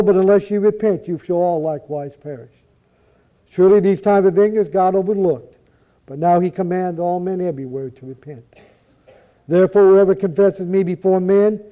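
A man with a high voice recites scripture at a measured, solemn pace. He sometimes stumbles over a word and goes on. The recording sounds dull and lo-fi.

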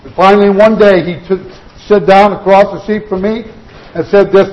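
A man with a notably high-pitched voice delivers an earnest sermon. He presses his points through repetition and sinks slower and softer when he wants them to land. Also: steady tone, dull audio. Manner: earnest exhortation with repeated "you've got to" phrases; slows and drops quieter on key points. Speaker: preacher.

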